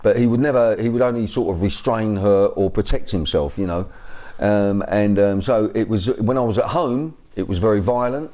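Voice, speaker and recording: A man's voice: lowish voice, normal speed, dark tone. A Cockney man in his fifties telling his life story in an interview, rambling with many fillers and restarts. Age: 50s. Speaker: interview guest. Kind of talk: personal account in an interview.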